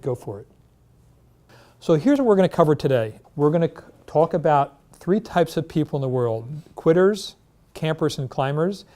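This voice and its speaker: A man leading a workshop presentation in a meeting room, energetic, asking rhetorical questions and telling stories. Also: a little high. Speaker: insurance industry trainer.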